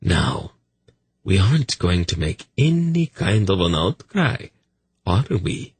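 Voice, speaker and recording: A man doing a soft, politely menacing assassin. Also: low voice, big pitch swings, slow, breathy edge, dry recording, heavily acted. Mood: quiet menace. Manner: quiet, politely threatening. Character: soft-spoken menacing male eunuch assassin.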